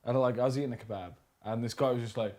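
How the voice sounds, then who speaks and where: A man's voice: medium pitch, fairly even intonation, racing, a little mellow. A man hosting a casual chat, telling a rambling story and swearing casually. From England. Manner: rambling, swears casually, laughs at own stories.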